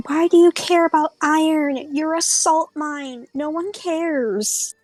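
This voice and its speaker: A woman's voice: mid-range voice, animated, a little slow, no echo, soft background music, poor audio. A woman voicing a clueless young man who whines and gets defensive, in a tabletop game. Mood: whiny.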